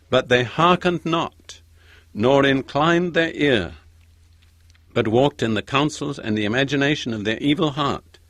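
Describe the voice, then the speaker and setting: A man preaching a sermon, reading scripture slowly and with emphasis. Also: medium pitch, a bit bright, no echo.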